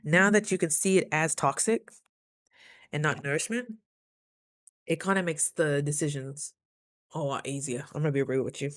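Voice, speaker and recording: A woman talking casually to her camera, chatty and affectionate, calling her viewers baby and jumping up high when she quotes people. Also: moderate pace, long pauses, no echo, clean studio sound. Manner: lively, jumps high for quoted voices. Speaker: vlogger.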